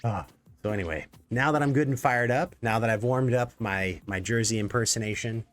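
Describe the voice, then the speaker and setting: A man hosting a casual live stream, his voice sitting at a middle pitch. He rambles and jokes, piling up fillers and side stories as he talks to the chat. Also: a little fast, faint music behind. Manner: rambling, jokey, many fillers. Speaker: executive producer and stream host.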